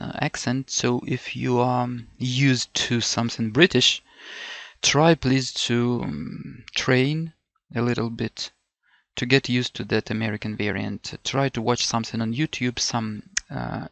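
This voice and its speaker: There's vocal fry in this middle-aged Ukrainian man's mid-range voice, and the recording has no echo. Over a screen, he tutors for a language test by thinking out loud, circling back on words, and stumbling through fillers and self-corrections.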